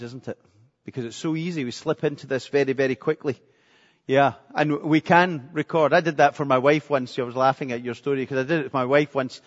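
A man preaching a sermon with earnestness, repeating phrases for emphasis. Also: mid-range voice. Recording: echoey hall, dull lo-fi sound.

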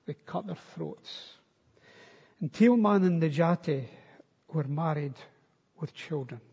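An older man preaching a sermon, earnest and measured, often restarting his words. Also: fairly high pitch, dark tone, slightly rough. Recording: dull long reverb of a church hall.

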